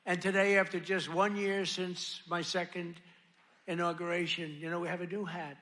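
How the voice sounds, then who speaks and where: A man delivers a boastful, rambling rally speech into a podium microphone, circling back and repeating phrases. His voice sits high, with a gravelly edge and a bright, forceful tone. A faint crowd murmurs behind him. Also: flat delivery, moderate pace, slight background noise. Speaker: political speaker at a rally. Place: large rally venue.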